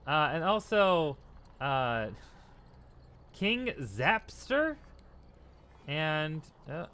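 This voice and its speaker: A man's voice: fairly high pitch, bright, forceful tone. A tipsy man streaming a game, rambling casually, laughing and thanking his chat.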